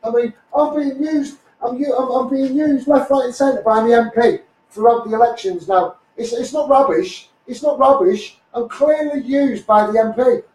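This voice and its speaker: A man with a Liverpool accent, hoarse, ranting combatively on a live stream and calling viewers mate. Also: very high voice, normal speed, hardly any pauses, darkish tone. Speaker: activist livestreamer. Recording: echoey, mic held at a distance.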